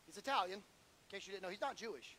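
A man preaching a sermon, swinging from shouted fervor to low, intimate asides and stumbling over repeated words when worked up. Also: expressive, brisk, a little hiss or hum, rough recording.

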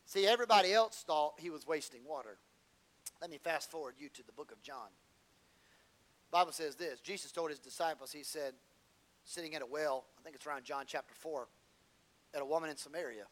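Male preacher, folksy and animated, punchy build-ups and quiet asides; high, tense voice. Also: brisk, long pauses, rough recording. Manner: folksy, colloquial delivery. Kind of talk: sermon.

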